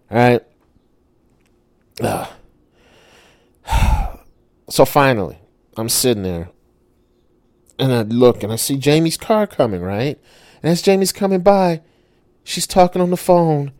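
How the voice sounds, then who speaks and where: A middle-aged man, a self-published author, telling a personal story in a casual monologue, animated and swearing with many rhetorical asides. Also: mid-range voice, no room sound, studio quality.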